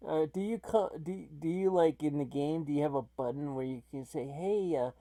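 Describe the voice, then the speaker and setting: A woman's voice: deep voice, a little fast, dark tone, no echo. A woman voicing a bodiless, evil male entity who talks in a mocking, condescending way in a comedy gaming sketch.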